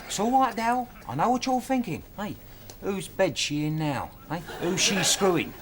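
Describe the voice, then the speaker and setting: A needling jailbird. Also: male voice, sits high, expressive, normal speed, noisy background. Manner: teasing, mock-sympathetic. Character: smug, needling London prisoner.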